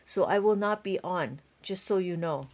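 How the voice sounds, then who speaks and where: A woman's voice: on the low side, normal speed, a little mellow. Tired, chatty woman teaching abacus. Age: adult with a school-age child. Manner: chatty, laughs often, counts steps aloud. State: tired, yawning. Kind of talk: live-stream math lesson, chatting with viewers.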